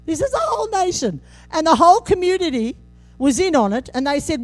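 A woman preaching a sermon, animated and humorous, acting out scripture quotes with sudden jumps in voice. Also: extremely high pitch, brisk, soft background music.

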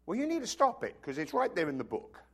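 A man preaching from the pulpit, his pitch sitting a little high and leaping all over the place as he tells his stories. He swings between loud bursts and hushed asides, and he is nursing a cough. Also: fast, slightly rough. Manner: animated storytelling, sudden swings from loud to hushed. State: has a cough. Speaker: pastor. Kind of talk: sermon.

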